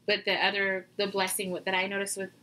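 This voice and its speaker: A woman and mother talking as a guest in a casual interview, animated and quick to act out what people say. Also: mid-range voice, poor audio. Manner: animated, acts out quoted voices. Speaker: podcast guest.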